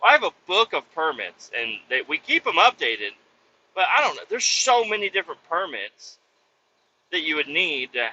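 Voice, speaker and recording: Kansas trucker man, slightly high and very bright voice, casual profane yarn-spinning from the cab, muffled lo-fi sound. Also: slight background noise. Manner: profane, animated, acts out quotes. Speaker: truck driver. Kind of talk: casual rambling storytelling. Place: truck cab while driving.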